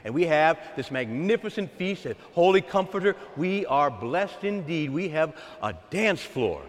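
A man preaching a sermon as a pastor, calling out to the congregation in an animated, call-and-response way. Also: a little high, unhurried. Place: large church. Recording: echoey church hall with long reverb.

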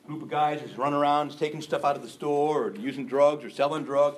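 A male preacher delivering a sermon in an animated way, acting out quick voices of people he describes. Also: a little high, a little hiss or hum. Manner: animated, acts out gossiping voices.

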